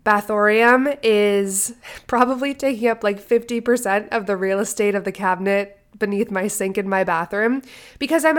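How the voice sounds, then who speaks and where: A woman co-hosting a podcast, her voice nasal and stuffy from a cold, chatting upbeat and casual. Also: a little high. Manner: upbeat, chatty, fond of "like" and "obsessed". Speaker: podcast co-host. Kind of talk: casual podcast chat and host-read ad.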